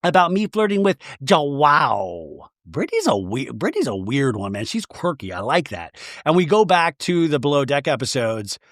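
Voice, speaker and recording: A man hosting a comedic reality TV recap, sarcastic and animated. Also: mid-range voice, fairly quick, few pauses, no room sound, studio quality. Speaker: podcast host.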